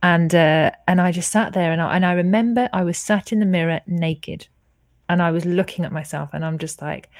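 A woman's voice: on the low side, a little fast, no echo, studio quality. A woman, telling her personal story frankly and earnestly as a podcast guest over a video call, swearing freely.

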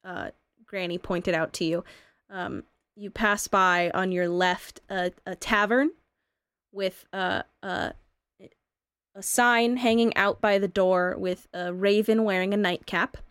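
A woman narrating as game master of a tabletop game, halting with fillers. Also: mid-range voice, fairly even intonation, a bit bright, smooth, no echo.

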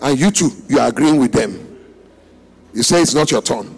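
A man preaches in a church service, his high voice leaping and falling wildly between shouts and hushed lines. His tone is husky and gravelly, pulling the congregation into call and response, with faint music underneath. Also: expressive, moderate pace. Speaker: pastor. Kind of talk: sermon.

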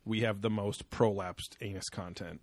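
A man's voice: on the low side, steady tone, normal speed, dry recording. Rambling, laughing podcast co-host man. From West Coast of the US. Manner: laughs often, rambling with many fillers. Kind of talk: casual crude chat.

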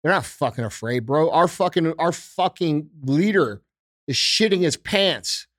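A man's voice: a little high, animated, a little slow, fairly bright tone, dry recording, clean studio sound. A man hosting a podcast, ranting with heavy swearing and repeated rhetorical questions. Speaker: podcast host. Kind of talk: profane political rant.

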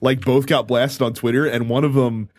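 A man's voice: medium pitch, steady tone, moderate pace, a little mellow, no room sound. A man hosting a casual gaming podcast, running through news items conversationally with fillers. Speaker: podcast host.

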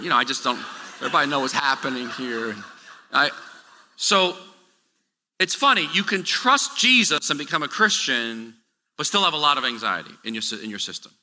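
A man's voice: medium pitch, sharp tone, in a large hall, a little hiss or hum. A middle-aged man preaching a conversational sermon, full of restarts and asides. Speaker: pastor.

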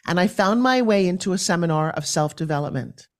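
A woman from New York, a podcast guest, telling her story in an animated and forthright way. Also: lowish voice, a little fast.

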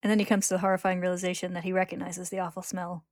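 A woman's voice: lowish voice, flat delivery, rapid-fire, darkish tone, no room sound, clean studio sound. A woman host retelling a comic's story in casual recap narration, laughing often and lifting the quoted lines. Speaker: podcast host retelling a manga.

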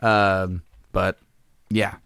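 A man co-hosting a casual podcast, telling a rambling, self-deprecating story with a slightly hoarse voice. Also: low-pitched, flat delivery, extremely slow, fairly bright tone, no echo, clean studio sound. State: losing his voice. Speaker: podcast co-host. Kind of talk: casual chat.

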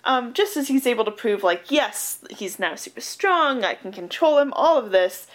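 A woman's voice: on the high side, animated, normal speed. A woman co-hosting a casual chat, recapping a film plot with lots of fillers and laughs. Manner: chatty, giggly, peppered with fillers. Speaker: podcast co-host recapping a film.

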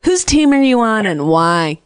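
A woman hosting a call-in radio show, quick and jokey, saying she is a bit sick. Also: a little high, sing-song, smooth, no echo, studio quality. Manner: fast, bubbly and joking, with frequent laughs. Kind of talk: casual call-in chat.

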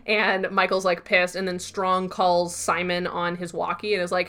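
Young female podcast co-host, casual and animated, acts out scenes. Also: on the low side. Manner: animated, acts out characters' lines in quick voices. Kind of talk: casual chat recapping a TV episode.

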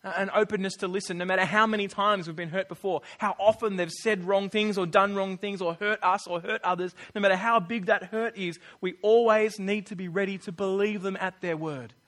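Earnest man preaching, fairly high voice. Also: steady tone, fairly quick, hardly any pauses, a bit bright. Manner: earnest, conversational, acts out quoted voices. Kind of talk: sermon.

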